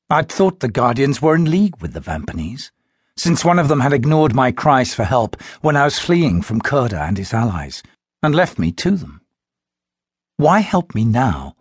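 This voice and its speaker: Husky male narrator with lively inflection. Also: medium pitch, no echo, studio quality. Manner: expressive, tense storytelling. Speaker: audiobook narrator. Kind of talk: scripted first-person audiobook narration.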